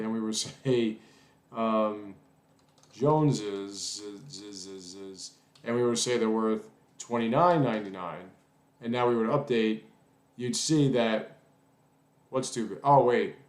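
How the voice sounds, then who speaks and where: A man's voice: on the low side, measured pace, echoey room. A man teaching a casual coding lesson while typing, rambling, apologizing, and cursing at his own mistakes. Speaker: coding tutorial instructor.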